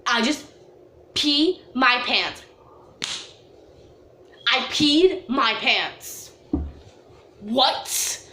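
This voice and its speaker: A woman telling a storytime vlog story in an animated, dramatic way, full of "like" fillers. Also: sits high, drawn-out words, long pauses, slight background noise. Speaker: vlogger. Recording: echoey room.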